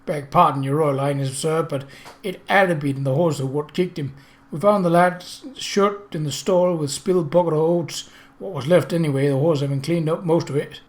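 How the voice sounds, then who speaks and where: A man voicing a gruff older male stable groom with rustic country speech. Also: a little high, moderate pace, close to an everyday voice. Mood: respectful.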